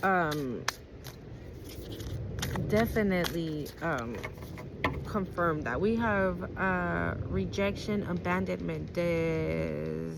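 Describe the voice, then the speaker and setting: A woman's voice: fairly low pitch, drawn-out words, creaky, long pauses, background noise. Profane, emphatic woman reading tarot. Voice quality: blunt and profane, emphatic repetition, frequent "okay?". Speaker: tarot card reader. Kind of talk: casual spoken tarot reading to viewers.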